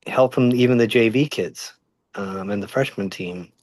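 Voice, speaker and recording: A man speaks as an interview guest, choosing his words in a measured way. He often pauses on ums and you-knows. His voice is mid-pitched and recorded dry and close, with no room sound. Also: darkish tone, no echo. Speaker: sports journalist guest. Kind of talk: casual interview talk.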